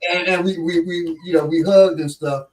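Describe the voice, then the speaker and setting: A man, telling a story in casual talk and acting out quotes with big pitch jumps. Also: steady tone, moderate pace, a little mellow, far from the mic. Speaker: show instructor telling a story. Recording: echoey room, voice off-mic.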